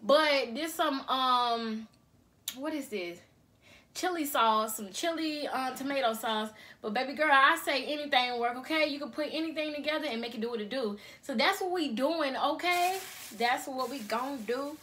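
High bright-voiced chatty young woman vlogger. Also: normal speed. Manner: chatty, addresses viewers as y'all, repeats okay. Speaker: mukbang vlogger. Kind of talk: casual chat to viewers. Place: her bedroom. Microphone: cell phone.

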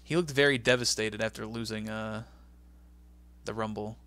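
A man co-hosting a casual podcast, recapping wrestling with frequent laughs and incredulous, animated asides. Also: fairly low pitch, normal speed. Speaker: podcast co-host.

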